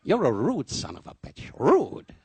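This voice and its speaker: An older man putting on the voice of an indignant, short-tempered comic man who barks complaints in clipped, high outbursts. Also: wildly swooping pitch, measured pace, vocal fry, a little mellow, slightly rough, no room sound, exaggerated voice.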